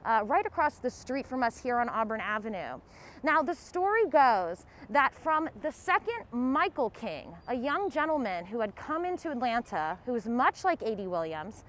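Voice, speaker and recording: A woman tour guide telling history as a casual, lively story to a group on an outdoor city street. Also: fairly high pitch.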